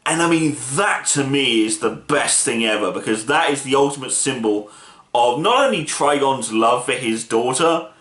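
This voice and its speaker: A man's voice: medium pitch, expressive, normal speed, a bit bright. A man casually reviewing a film, retelling the plot with enthusiastic, rambling energy. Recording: roomy echo.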